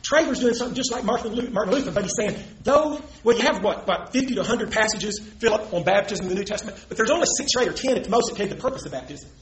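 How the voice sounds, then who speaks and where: A man's voice: high voice, very fast, hardly any pauses. A man preaching with emphasis, arguing a point and quoting scripture as he goes. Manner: emphatic, argumentative, quotes scripture. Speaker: preacher in a debate. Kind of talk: impassioned preaching. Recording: echoey room with faint noise.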